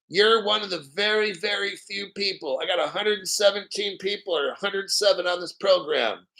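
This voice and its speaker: A man hosting a live crypto stream, talking in an excitable, profane, hyped way and often clearing his throat. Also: high-pitched, low-quality recording. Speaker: crypto livestream host.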